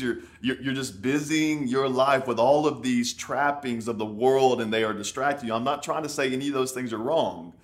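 Male pastor, 30s, conversational sermon, emphatic and repetitive. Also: medium pitch. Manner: emphatic, conversational preaching with repeated words. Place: on location in a city.

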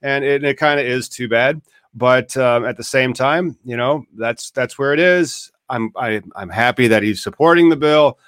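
A man's voice: mid-range voice, moderate pace, a bit bright, dry recording, studio quality. Rambling, self-deprecating male host. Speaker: podcast host. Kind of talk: casual commentary over clips.

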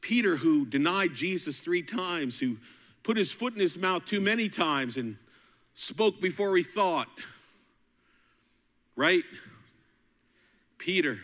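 Male preacher, bright and forceful, dramatic loud-to-whisper delivery with call-outs to the congregation, long hall reverb. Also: high voice, lively intonation, takes it slowly, long pauses. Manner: dramatic preaching that swings between loud climaxes and hushed whispers; call-and-response exhortations. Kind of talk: sermon.

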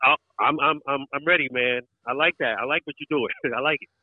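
A man's voice: mid-range voice, brisk, no room sound. A man from New York, a podcast guest, chatting in a laid-back way with short agreeing replies. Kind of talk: casual podcast chat. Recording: tinny phone-like remote line.

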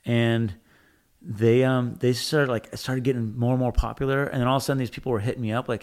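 Casual man, mid-pitch, storyteller type, swears freely, quotes himself a lot. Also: steady tone, fast. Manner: rambling, frequent fillers and profanity, acts out his own quotes. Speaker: tattoo machine builder, guest.

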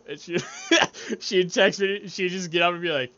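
Bright, laughing young man rambling. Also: mid-range voice, fairly even intonation, fairly quick, few pauses, lo-fi sound. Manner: rambling, laughs a lot, swears. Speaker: podcast co-host. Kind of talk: casual podcast chat.

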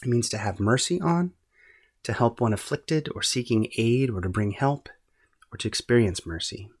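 A man hosting a podcast, giving measured, earnest, scripted Bible-study narration. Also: mid-range voice, lively intonation, breathy edge. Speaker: podcast host.

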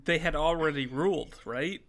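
A co-host making deadpan jokes and quick quips while a story is read aloud. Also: medium pitch. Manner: deadpan joking interjections. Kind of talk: casual chat.

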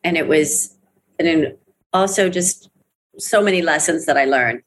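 A woman's voice: sits low, measured pace, slight background noise. A middle-aged woman speaking as an interview guest about her network marketing career, earnest and emphatic, repeating phrases for weight. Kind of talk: candid interview talk.

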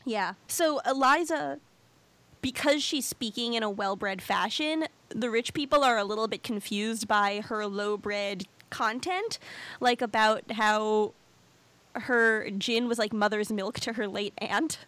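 A woman chatting casually with a co-host, recapping a musical and acting out lines in an animated way. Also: a little high, takes it slowly, no room sound. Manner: animated, acts out quotes. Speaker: podcast co-host.

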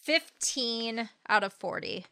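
A woman co-hosting a podcast in casual chat, playful and quick to laugh. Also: a little high, lively intonation, pushed and bright. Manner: chatty, laughs often, playful. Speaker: podcast co-host.

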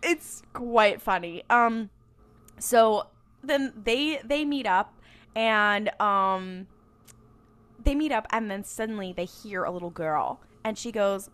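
A woman's voice: mid-range voice, takes it slowly, fairly bright tone. A woman co-hosting a podcast, retelling a TV episode in a rambling way, full of fillers and quoted bits. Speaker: podcast co-host. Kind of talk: casual chat recapping a TV episode.

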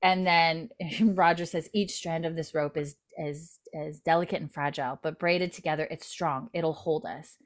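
A woman's voice: deep voice, steady tone, moderate pace, few pauses. A woman recapping a TV episode in casual chat, quoting characters in lightly put-on voices and giggling often. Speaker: recap host.

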